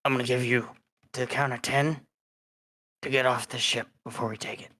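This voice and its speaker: A player in a tabletop game, speaking in a halting, deadpan way. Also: medium pitch.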